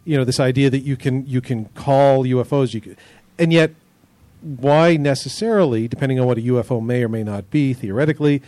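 A man co-hosting a casual panel discussion, talking in a thoughtful, measured and skeptical way. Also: mid-range voice, dark tone, no echo. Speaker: podcast co-host.

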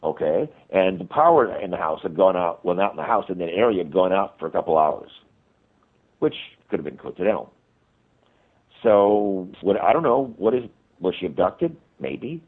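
A man tells a long story as a radio guest over a tinny phone line. His voice is very deep and husky. He rambles and restarts often, but he retells it with energy. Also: lively intonation, normal speed. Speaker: guest, paranormal investigator and author.

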